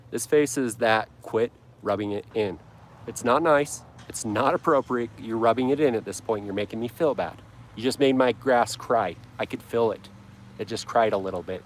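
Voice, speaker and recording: A man's voice: mid-range voice, slight background noise. A man from Utah hosting a casual lawn care livestream, rambling and correcting himself as he reads viewer comments with a joking tone. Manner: rambling, self-correcting, jokey.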